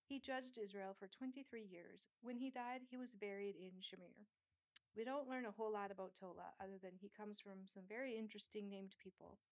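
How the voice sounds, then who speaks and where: A woman's voice: medium pitch, fairly even intonation, a little fast. A woman leads a Bible study, reading verses aloud and then putting them in plain everyday words. Her tone stays casual and conversational between the readings. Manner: reads scripture aloud, then paraphrases in casual asides.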